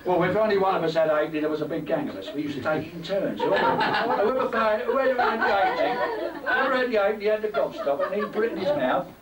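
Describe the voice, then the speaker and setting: An older man telling comic stories to a live party crowd in a chatty, teasing, animated way. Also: high-pitched, fast. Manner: chatty, teasing, animated anecdotes with many asides. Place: party hall. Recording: echoey room, distant mic, loud crowd laughter.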